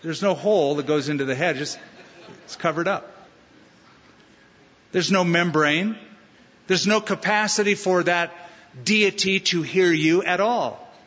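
A man preaching a sermon as a pastor, animated, with mocking asides and acted quotes. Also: high-pitched, unhurried, long pauses. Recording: long-reverb hall, dull lo-fi sound.

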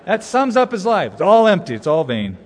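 Male pastor, higher voice, joking storyteller, sermon recorded in a reverberant hall. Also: huge pitch swings, brisk. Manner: storytelling with jokes, emphatic repetition. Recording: long reverb of a large hall.

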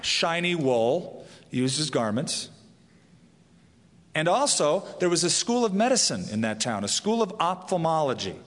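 A man's voice: on the high side, a bit bright. Male pastor preaching in a reverberant hall. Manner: explanatory, storytelling. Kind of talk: sermon.

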